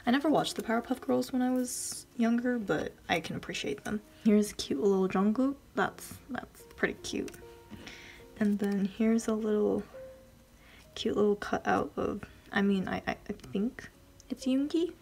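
A woman vlogger chatting casually as she unboxes a package, gushing and giggling, often dropping into soft whispers. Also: mid-range voice, normal speed, gravelly, faint music behind.

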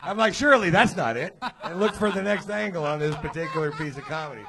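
A man's voice: fairly high pitch, animated, quick pace, vocal fry, noisy background. A man on a comedy panel giving dry, sarcastic feedback to a comic. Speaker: guest panelist. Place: comedy club stage.

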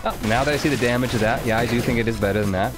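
A man's voice: medium pitch, racing. A man streaming a video game, chatting casually with viewers, thanking them and musing aloud over items. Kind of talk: casual live game commentary. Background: game music.

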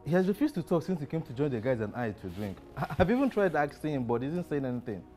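An actor with a Nigerian accent in a film drama, polite and hesitant, stammering. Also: male voice, on the high side, big pitch swings, quick pace, warm tone, soft background music.

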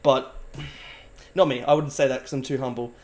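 A man's voice: medium pitch, fairly even intonation, moderate pace, darkish tone. A young man live-streaming, talking to his chat in a rambling, mock-serious way and swearing often.

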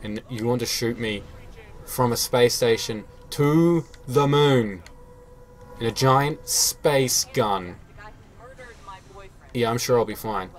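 A man's voice: medium pitch, takes it slowly, pauses often. A man talking casually to viewers as he plays a shooter game, chatty and self-mocking, with the odd swear. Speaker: game player. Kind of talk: solo gameplay commentary.

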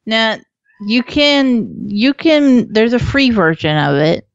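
A woman's voice: fairly high pitch, big pitch swings, takes it slowly, no room sound. A woman co-hosting a podcast in casual chat, talkative, laughing often and swearing freely. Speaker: podcast co-host. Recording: slightly dull lo-fi audio.

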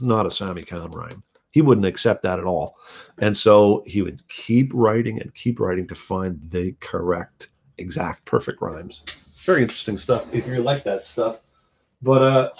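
A songwriter muses about his craft in a relaxed, rambling way, often circling back and restarting his thoughts. His voice sits low and carries a husky grain. When he acts out what other people might say, he livens up. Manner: thoughtful and rambling, many restarts, animated when acting out quotes. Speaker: songwriter explaining his own song. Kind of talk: reflective casual talk on songwriting.

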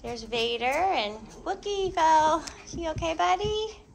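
A woman's voice: very high-pitched, lively intonation, slow, creaky. A young woman with a cold chatting in sing-song baby talk to puppies in an indoor pen. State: has a cold. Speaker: dog breeder. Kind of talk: casual vlog, chatting to puppies. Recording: noisy background.

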